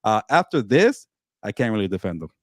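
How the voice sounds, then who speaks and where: A man's voice: lowish voice, fairly quick, no room sound, clean studio sound. A man co-hosting a casual sports talk show, ranting emphatically about football. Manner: animated, emphatic rants. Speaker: co-host.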